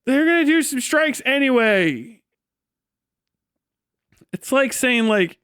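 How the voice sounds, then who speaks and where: Brief: male streamer, very high pitch, dry close sound, swears constantly, exasperated rant. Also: very animated, normal speed, a bit bright, clean tone, dry recording. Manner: profane, exasperated ranting with frequent laughs. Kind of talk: livestream rant.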